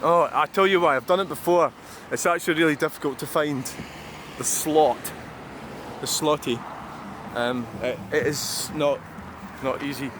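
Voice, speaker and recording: With a slightly high voice at normal speed, a man vlogs about trucks next to a busy roundabout, rambling casually, grumbling and swearing freely. The outdoor recording picks up traffic noise as cars and trucks go by.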